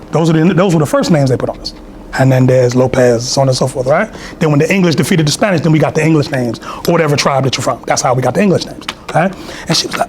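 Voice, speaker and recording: A man preaches in a loose, storytelling way, full of asides and fillers. His voice sits fairly high for a man. A faint hiss runs beneath the temple recording. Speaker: speaker at a temple meeting. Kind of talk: conversational sermon. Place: temple hall.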